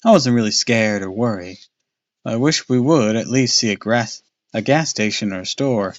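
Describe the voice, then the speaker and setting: A man's voice: fairly low pitch, normal speed, highs cut off. A man casually reading a children's horror book aloud on a live stream, with small slips and restarts.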